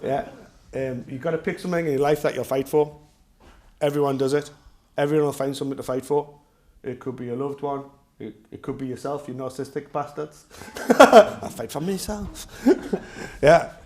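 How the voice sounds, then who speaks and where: A man's voice: mid-range voice, level tone, fairly quick, warm tone. A middle-aged man with a Geordie accent, a self-defence instructor telling rambling, jokey stories to his class. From North East England. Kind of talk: casual class talk with anecdotes.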